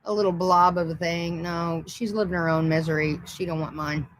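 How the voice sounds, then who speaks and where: A woman's voice: fairly low pitch, fairly even intonation, moderate pace, rough recording. Woman vlogger, foul-mouthed mocking rant, faint room noise behind. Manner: profane, mocking, combative. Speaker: livestream host. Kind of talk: casual livestream rant.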